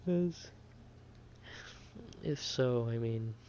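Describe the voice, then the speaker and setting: A young gaming streamer rambles casually with his chat while playing, poking fun at himself. He talks very slowly in a mellow, mid-range voice, and his desk microphone gives a lo-fi sound with slight background noise.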